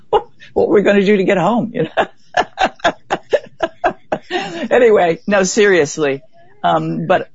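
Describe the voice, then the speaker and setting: A woman being interviewed, telling a vivid story in a lively way and acting out what others said. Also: low voice, dry recording. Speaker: interview guest. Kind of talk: conversational storytelling. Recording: dull, dry lo-fi recording.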